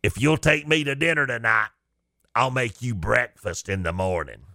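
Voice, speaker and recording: Older smoker lady, raspy and brazen, done by a man, calls folks doll. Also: mid-range voice, normal speed, pushed and bright, no echo, clean studio sound, voice pushed down. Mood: flirty.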